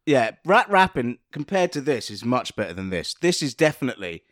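A man's voice: medium pitch, very animated, fairly quick, a bit bright, no echo, clean studio sound. Wry man chatting. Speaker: podcast co-host. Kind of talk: casual chat.

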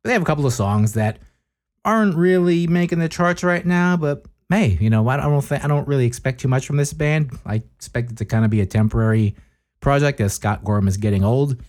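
A man's voice: mid-range voice, animated, brisk, darkish tone. A man hosting a podcast, giving a casual, rambling concert review with many fillers. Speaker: podcast host.

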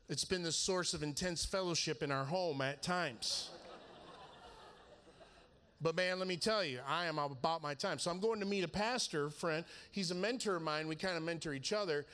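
Man, high voice, animated, laughing, storytelling sermon. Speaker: preacher.

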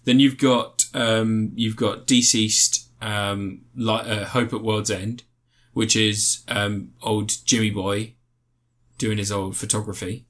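A man's voice: fairly low pitch, level tone, slow, a bit bright. Rambling casual man reviewing comics. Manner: rambling, swears freely, slangy. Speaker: podcast co-host reviewing comics. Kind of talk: casual chat.

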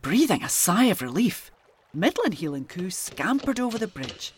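Animated woman reading a children's story. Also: mid-range voice, moderate pace, soft background music.

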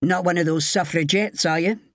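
A woman doing a gruff Scottish head gardener. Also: on the low side, moderate pace, dry recording, studio quality, lightly acted. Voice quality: gruff, barking.

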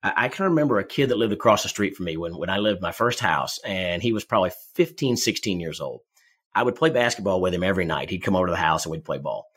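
A man coaching salespeople in a conversation, energetic and quick, often repeating words as he talks. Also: sits low, breathy edge. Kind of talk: conversational advice, storytelling.

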